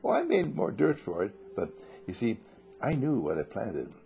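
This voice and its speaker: A man's voice: fairly low pitch, huge pitch swings, moderate pace, mellow, lo-fi sound. A man leading a spiritual talk to a small group, playfully telling stories and acting out little voices. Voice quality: husky, gravelly. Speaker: spiritual teacher.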